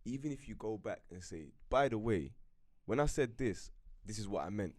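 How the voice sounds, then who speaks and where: A man's voice: lowish voice, expressive, moderate pace, a little mellow, no room sound, studio quality. A young man, a podcast co-host chiming in with short agreements and opinions. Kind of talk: casual chat.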